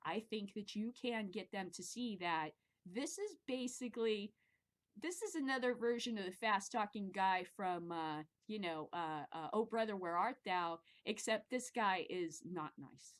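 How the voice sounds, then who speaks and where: Middle-aged woman host from the Midwest, loose and rambling monologue, cusses freely, animated delivery. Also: medium pitch, normal speed. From American Midwest. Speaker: podcast host. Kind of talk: casual monologue commentary.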